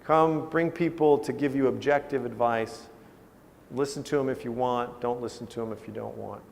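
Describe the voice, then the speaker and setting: A man's voice: medium pitch, fairly even intonation, moderate pace, gravelly, a little mellow, a little hiss or hum. A man, a family business consultant, tells a case story in a conversational lecture style, often checking in with his audience. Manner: conversational, checks in with "okay?" and "right?". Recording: reverberant hall.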